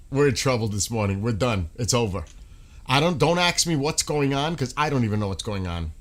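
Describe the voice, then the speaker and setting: A male livestream host with an expressive, mid-range voice chats casually and a bit fast with his viewers. He rambles, laughs often, and slips into snippets of song.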